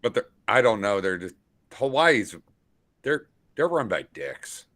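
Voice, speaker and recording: A man's voice: fairly low pitch, very animated, measured pace, a bit bright. A man chatting casually on a live stream, joking, teasing and rambling. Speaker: stream guest. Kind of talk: casual chat.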